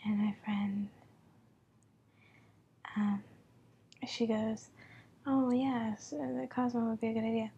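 Tipsy young woman whispering softly. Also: a little high, fairly even intonation, slow pace, pauses often, dull audio, a little hiss or hum. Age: 20s. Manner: soft rambling whisper with giggles. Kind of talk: whispered role-play.

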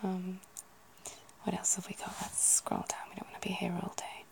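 A woman musing softly in a whispered ASMR chat, gently poking fun at herself. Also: fairly low pitch, completely flat delivery, normal speed, gravelly, rough recording. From United Kingdom. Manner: soft, self-deprecating, musing aloud. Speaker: ASMR video host.

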